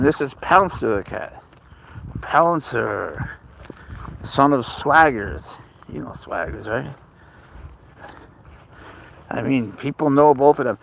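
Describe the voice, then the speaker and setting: Man, live-stream host, mid-range voice; loose, deadpan joking ramble, outdoors at night on a phone mic, light background hiss. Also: medium pitch, gravelly. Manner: rambling, joking, talks softly to his cat and reads chat. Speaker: livestream host. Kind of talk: casual live-stream chat.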